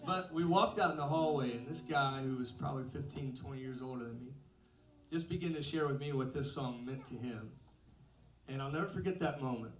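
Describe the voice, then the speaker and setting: A man's voice: medium pitch, a little fast. Earnest man telling a story on stage. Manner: chuckling self-deprecating storyteller, earnest. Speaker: band singer on stage. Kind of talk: stage banter between songs. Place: live concert venue. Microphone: stage vocal mic. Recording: echoey live room, mic from a distance.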